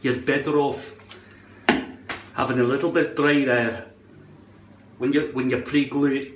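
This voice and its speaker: A man's voice: mid-range voice, echoey room. A man doing a playful put-on Scottish accent, swearing now and then, while casually explaining how to attach a hairpiece in front of a mirror at home. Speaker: hairpiece vlogger.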